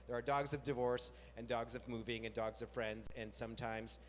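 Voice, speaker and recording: A man's voice: flat delivery, moderate pace. Self-mocking man telling a story onstage. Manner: chatty, self-mocking, jumps into high silly voices for quoted bits. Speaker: host. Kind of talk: live storytelling on stage. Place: large music venue with live audience. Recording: long venue reverb, faint room noise.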